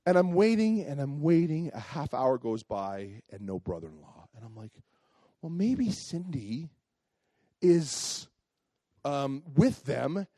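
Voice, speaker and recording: During his sermon, a pastor shares a personal anecdote with animation, voicing each character himself. His voice sits high, and the audio is free of echo.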